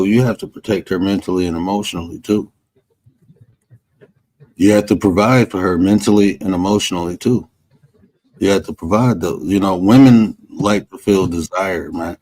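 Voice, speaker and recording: A man's voice: on the low side, mellow, no echo, low-quality recording. A man co-hosting a podcast, talking in a blunt, emphatic, slangy way in casual chat. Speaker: podcast co-host.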